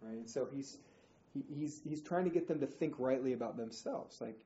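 A man teaching a Bible study group in an informal, animated way, acting out quotes with slang. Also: mid-range voice, normal speed. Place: indoor room, group class. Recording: roomy, dull, faint noise.

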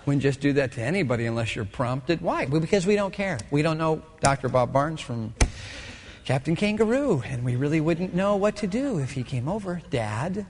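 A middle-aged male pastor preaching a sermon with animated storytelling, acting out voices and quotes. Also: fairly high pitch, normal speed, long reverb tail, slight background noise.

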